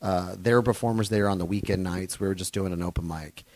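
Male stand-up, lowish pitch, profane and rambling, dry hotel-room interview. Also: steady tone, fast, darkish tone, no room sound. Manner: rambling, profane, lots of fillers and restarts. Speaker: touring comedian guest. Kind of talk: casual storytelling in an interview.

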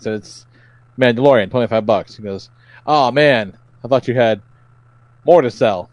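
A man's voice: mid-range voice, moderate pace, long pauses, no room sound, highs cut off. A man co-hosting a comedy podcast, telling stories casually with lots of swearing and acted-out quotes. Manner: profane, animated storytelling, acts out quotes. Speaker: podcast co-host.

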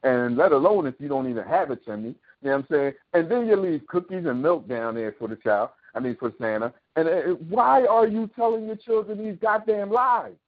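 A man's voice: a little high, a little fast, few pauses. A man hosting a talk show, delivering a heated, preachy monologue full of sarcastic rhetorical questions and profanity. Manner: impassioned, preachy ranting with profanity. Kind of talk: opinionated monologue. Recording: tinny phone-like sound.

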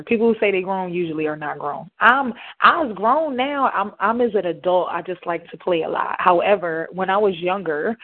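Playful young woman radio host. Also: on the low side. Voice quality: light, youthful, not raspy. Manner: playful, hyped, talks straight to listeners. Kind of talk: casual talk radio chat. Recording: tinny phone-like sound.

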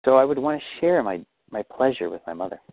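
A man calmly guiding a tapping therapy session, feeding short lines for the client to repeat. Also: mid-range voice, quick pace, creaky, dry recording. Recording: thin phone-like audio, dry.

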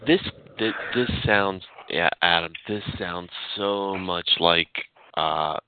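A man in casual chat, skeptical and measured, correcting and weighing in. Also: low voice, smooth, no echo. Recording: tinny phone line with noise.

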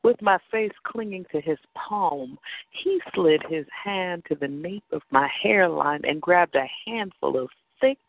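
A man narrating an erotic story in a slow, sensual reading. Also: high-pitched, lively intonation, gravelly, no echo. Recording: dry phone-like sound.

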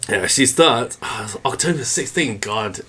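A man's voice: mid-range voice, animated, moderate pace, sharp tone, breathy edge. A man co-hosting a podcast, chatting casually, laughing often and reading listener emails aloud. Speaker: podcast co-host. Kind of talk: casual chat.

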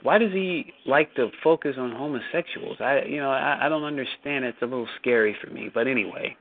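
Host, male, call-in show; halting, repeats himself, indignant; mid-pitched voice, tinny phone-line sound. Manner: hesitant, repeats words, indignant. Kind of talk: casual call-in commentary.

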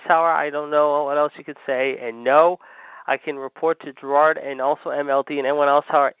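A man's voice: fairly high pitch, clean tone, no echo. Hyped man reporting over a phone line. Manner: repeats "however" constantly, hyped announcer delivery. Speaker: news reporter on a wrestling radio show. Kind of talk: breaking-news report. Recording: tinny phone-line audio.

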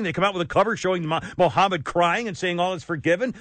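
Man, talk radio host, high voice, dry studio sound, sarcastic, indignant rant. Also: fairly quick, hardly any pauses, no echo. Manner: indignant, sarcastic, rants loudly then drops low. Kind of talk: opinionated talk radio monologue.

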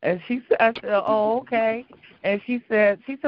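A woman's voice: a little high, steady tone, normal speed, muffled recording. A woman calling in to a prayer line, telling stories earnestly and often repeating her words. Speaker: caller. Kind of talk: call-in prayer request.

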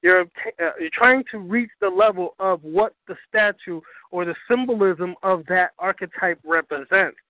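High-voiced man with a tinny phone sound. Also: moderate pace, few pauses, no room sound. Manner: emphatic, profane, keeps asking "you understand?". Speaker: host. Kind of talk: casual spiritual talk show.

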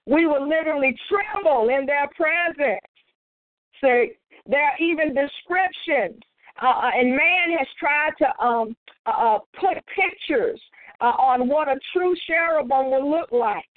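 A woman's voice: high voice, measured pace, no room sound. A woman pastor leading a morning Bible study, preaching in a folksy way, citing scripture references and repeating points for emphasis. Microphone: phone conference line. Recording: phone-line broadcast, dry.

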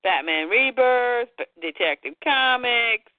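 A woman with a fairly high, lively voice swings up and down in pitch as she chats about comics. Her sound is dry and thin, like a phone line. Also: slow pace, no echo. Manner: chatty, hands topics over. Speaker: podcast co-host. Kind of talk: casual comic book chat.

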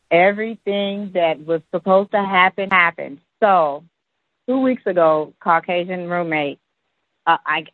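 A middle-aged woman calling in, telling a story in a chatty, halting way with many fillers, over a phone line. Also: on the low side, no room sound. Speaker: caller. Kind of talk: call-in story.

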